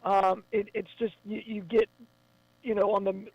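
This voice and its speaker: A man talking as a guest on a radio show, enthusiastic and quick to chime in. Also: sits high, level tone, no room sound, muffled recording. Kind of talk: casual radio chat.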